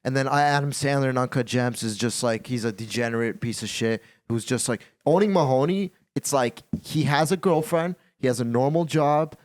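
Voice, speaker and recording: Man, podcast host, casual chat, animated, repeats himself, swears. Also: medium pitch, brisk, hardly any pauses. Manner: animated, repetitive, swearing freely.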